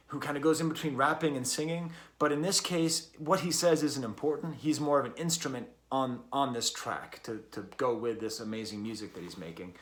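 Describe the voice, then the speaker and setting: A man's voice: fairly high pitch, a bit bright. A man reviewing an album in a casual, rambling way, with many fillers and restarts. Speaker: music reviewer.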